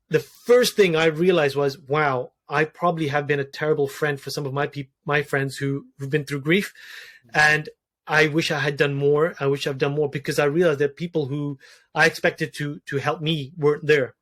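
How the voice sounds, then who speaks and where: Earnest man, slightly high voice. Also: steady tone, normal speed, a bit bright. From Wales. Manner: earnest, many restarts and repeated words. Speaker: podcast guest, doctor. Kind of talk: reflective personal conversation.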